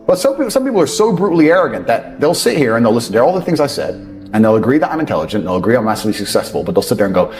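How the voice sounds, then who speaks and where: A man's voice: medium pitch, huge pitch swings, very fast, a little mellow. A man, ranting bluntly and profanely in a motivational talk, scornful of others. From England. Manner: profane, scornful, mocks others in put-on voices. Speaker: motivational speaker. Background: faint background music.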